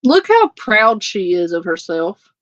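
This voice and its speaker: Slow-talking, profane woman ranting. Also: mid-range voice, sing-song, fairly bright tone, no room sound, dull audio. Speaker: reaction streamer. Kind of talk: live reaction rant.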